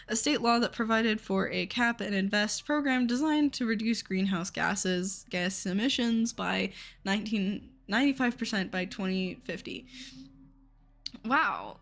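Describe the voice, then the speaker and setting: A young woman from Seattle chatting casually on a live stream, talking frankly and with exasperation, swearing often. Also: fairly high pitch. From Seattle, USA.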